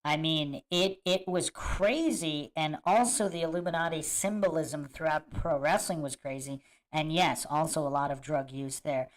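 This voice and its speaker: A man's voice: fairly high pitch, normal speed, hardly any pauses. A man hosting a livestream, chatting casually to viewers and reacting to clips with a musing, emphatic manner that repeats points. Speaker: host of a livestream commentary show.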